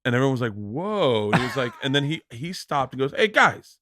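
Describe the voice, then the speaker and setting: A man in his forties hosting a podcast, telling stories in a loose, animated way. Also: quick pace, dry recording, clean studio sound. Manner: animated, jumps into loud high-pitched impressions when quoting. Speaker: podcast host. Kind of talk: casual storytelling chat.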